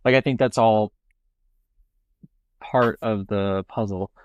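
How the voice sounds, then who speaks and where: A man's voice: lowish voice, fairly even intonation, slow, clean tone, muffled recording. A man from South Carolina with a Southern accent, hosting an interview in an easygoing, thoughtful way. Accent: Southern American. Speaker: podcast host. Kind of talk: casual interview conversation.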